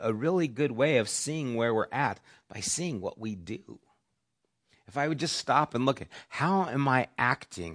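A middle-aged man preaching a sermon as pastor, who swings between loud, emphatic lines and soft whispers. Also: medium pitch. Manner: varies volume, dropping to soft whispers for emphasis.

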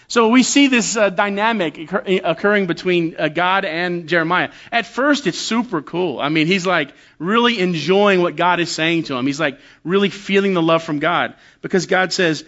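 A man in his forties preaching as a guest church elder, talking casually and poking fun at himself, with frequent quick restarts. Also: high voice, a bit bright, muffled recording. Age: 40s. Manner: conversational and self-deprecating, with quick restarts. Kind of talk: sermon with humorous stories.

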